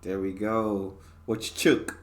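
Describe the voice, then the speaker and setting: An American man reacting casually on a show, animated and laughing as he teases his partner. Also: fairly low pitch, slow pace, reverberant. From United States. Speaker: reaction host.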